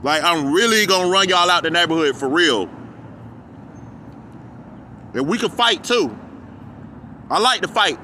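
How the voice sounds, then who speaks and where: High-voiced man ranting outdoors by traffic. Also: lively intonation, unhurried, pauses often, sharp tone. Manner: profane, heated and rambling. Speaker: vlogger. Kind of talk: ranting commentary vlog. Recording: street traffic noise behind. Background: passing cars.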